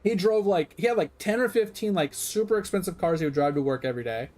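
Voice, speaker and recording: A man's voice: sits high, fast talker. A man streaming a game who tells a long, rambling story, acting out the people in it and swearing freely. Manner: rambling, animated, quotes people in dialogue, swears. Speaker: gaming streamer. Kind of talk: casual storytelling while gaming.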